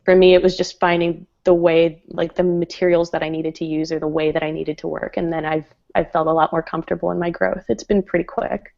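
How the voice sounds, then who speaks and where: A woman's voice: lowish voice, level tone, brisk, vocal fry, few pauses, a little mellow, dull audio. A woman guest in a casual interview chat, talking in a chatty way with frequent laughs and fillers. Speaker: guest designer.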